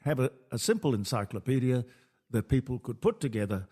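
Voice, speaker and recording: Man, radio host, husky, mid pitch, casual storytelling. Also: a little fast. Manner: storytelling, animated quoting. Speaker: radio talk show host.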